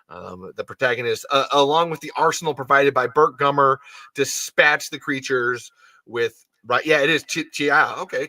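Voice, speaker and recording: A man's voice: medium pitch, pushed and bright, dry recording. A young man hosting a podcast in casual chat, rambling with many fillers and swearing freely. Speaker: podcast host.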